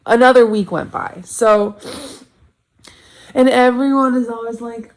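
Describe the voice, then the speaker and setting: A woman's voice: fairly high pitch, steady tone, a little slow. A woman in her twenties talking candidly to camera in a casual vlog, blunt and self-critical, rambling with lots of "like". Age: 20s. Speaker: vlogger.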